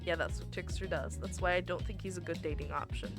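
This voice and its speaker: A woman's voice: on the low side, fairly even intonation, quick pace, creaky, music in the background. A woman playing through a dating game, reading its text aloud with playful, sarcastic asides. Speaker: let's play gamer.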